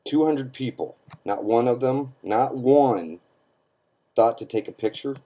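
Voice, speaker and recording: A man's voice: medium pitch, a little slow, dark tone. A man giving an emphatic, scornful opinion rant to camera, often checking in with his listeners by asking "okay?". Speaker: online commentator.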